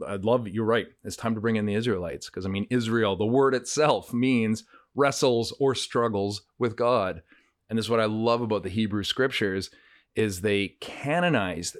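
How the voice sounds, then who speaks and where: A man's voice: fairly low pitch, moderate pace, no echo, studio quality. A man co-hosting a podcast, talking in an earnest, searching way with fillers and restarts. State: getting emotional. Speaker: podcast co-host. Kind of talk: reflective casual conversation. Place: countryside home.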